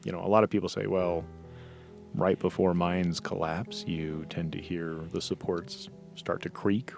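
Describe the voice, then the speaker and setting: A man co-hosting a podcast, easygoing and quick to laugh in casual conversation. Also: sits low, level tone, creaky, darkish tone, faint music behind. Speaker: podcast co-host.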